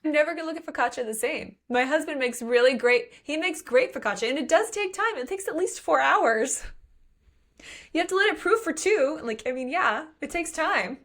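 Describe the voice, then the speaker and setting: Playful woman on a book podcast, reading spicy bits and joking around. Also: a little fast. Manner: playful, jumpy pitch when excited. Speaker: podcast co-host. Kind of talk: casual book chat, reading passages aloud.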